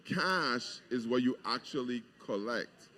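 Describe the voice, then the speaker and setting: A man's voice: mid-range voice, animated, takes it slowly, sharp tone. A middle-aged man, a governor, chatting on a live radio show and patiently explaining budget matters in plain terms. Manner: laughs easily, explains patiently. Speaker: governor, guest. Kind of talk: casual radio chat, explaining policy. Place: outdoor deck at a live broadcast.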